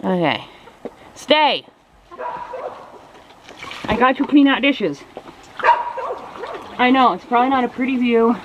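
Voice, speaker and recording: Chatty woman with a lively voice. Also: on the high side, normal speed, pauses often, dull audio. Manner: chatty, coos baby talk to her animals. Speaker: farm vlogger. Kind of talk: casual chat while doing chores. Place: outdoors at a chicken coop on a farm. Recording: noisy outdoor farm recording. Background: chickens clucking.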